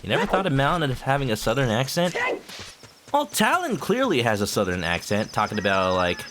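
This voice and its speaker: A man's voice: mid-range voice, huge pitch swings, fairly quick, background noise. A young man casually commentating a video game stream in a goofy, chatty way. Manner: goofy, chatty, breaks into voices. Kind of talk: casual let's-play commentary. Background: game music.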